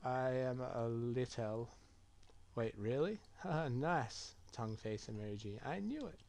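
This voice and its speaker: Muttering as he reacts, this male gaming streamer reads chat messages aloud during a game playthrough. He speaks at a medium pitch and an unhurried pace, his tone leaning dark, over slight background noise. The clicking and typing of a keyboard are plainly audible.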